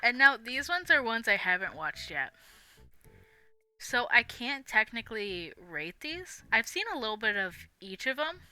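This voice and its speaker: A woman's voice: on the high side, very animated, unhurried, bright, forceful tone, clean tone. A young woman live-streaming, chatting casually in a rambling, giggly way with lots of fillers. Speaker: livestream host.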